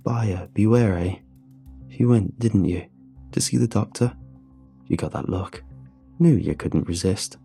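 A man's voice: low-pitched, a little slow, gravelly, pauses often, dark tone, faint music behind. A man doing a sobbing bitter old drunk. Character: sobbing middle-aged male drunk, bitter and hollow.

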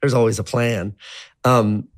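A man in his thirties with a lowish, steady voice takes his time telling his life story as an interview guest. The talk is loose storytelling, wandering and profane, heavy with "like."

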